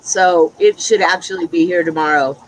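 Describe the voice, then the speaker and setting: A man's voice: a little high, fairly even intonation, moderate pace, a little hiss or hum, poor audio. A man chatting casually on a livestream, telling frank, exasperated stories. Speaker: livestream chat participant. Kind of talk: casual group chat.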